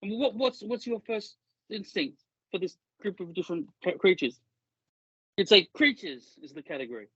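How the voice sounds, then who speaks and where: A man's voice: high-pitched, normal speed, fairly bright tone, slightly rough, dry recording. Rambling man on a dull, dry podcast mic. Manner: rambling, swears often, laughs easily. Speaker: podcast co-host. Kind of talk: casual podcast chat.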